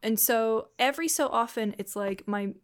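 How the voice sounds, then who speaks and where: A woman from the North East of England whose British accent drifts toward American, chatting animatedly as a podcast co-host. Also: fairly high pitch. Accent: British, shifting toward American. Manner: animated, laughing, quick asides. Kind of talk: casual chat.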